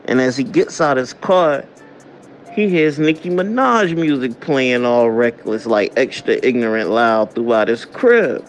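A man's voice: mid-range voice, a little slow, faint music behind. A man casually telling a crude comedic story as host, cursing and laughing at his own jokes. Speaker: commentary host.

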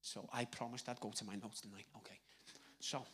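A man with a Liverpool accent preaching a live sermon on a handheld microphone, conversational and swinging between loud emphasis and hushed asides. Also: lowish voice, steady tone, a little fast, slightly rough. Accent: Liverpool (Scouse). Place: church hall with congregation.

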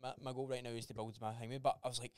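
A young man co-hosting a podcast, chatting in a sweary, excitable way. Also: medium pitch, very fast, smooth, no echo, studio quality. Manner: sweary, excitable, animated retellings. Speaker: podcast co-host. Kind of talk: casual chat.

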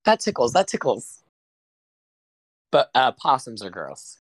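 A man's voice: medium pitch, sing-song, a little slow, no room sound, poor audio. A man co-hosting a casual podcast, teasing his friend with blunt, profane jokes. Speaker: podcast co-host.

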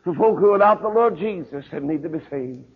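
A man preaching a revival sermon as a pastor, telling stories and swinging from hollered peaks down to hushed, low lines. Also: expressive, fast, in a large hall. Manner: storytelling preacher, swelling to hollered climaxes then dropping low. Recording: tinny phone-like sermon recording.

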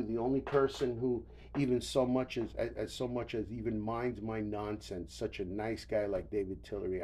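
An older man hosts a solo podcast in a lowish, somewhat dark voice, with a little background noise in the recording. Tired and yawning, he rambles wearily, swearing and stammering as he restarts his sentences.

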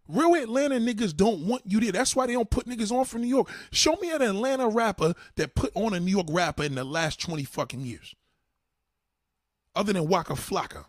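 A man with a somewhat high, husky voice rants in a heated, profane monologue. His pitch swings widely as he hammers the same points again and again. The sound is dry and close. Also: big pitch swings, normal speed, no room sound. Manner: blunt, repetitive, swearing a lot.

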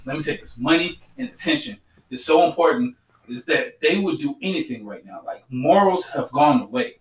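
A man's voice: a little high, fairly bright tone, recorded from a distance. Blunt man, roomy and set back. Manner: blunt, preachy, repeats himself. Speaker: podcast co-host. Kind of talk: casual podcast chat.

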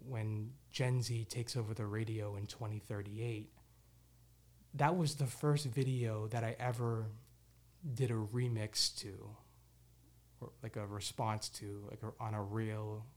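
A man's voice: mid-range voice, darkish tone. A man hosting his own show, talking candidly and reflectively in a casual monologue, with loose restarts and the odd swear word. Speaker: podcast host.

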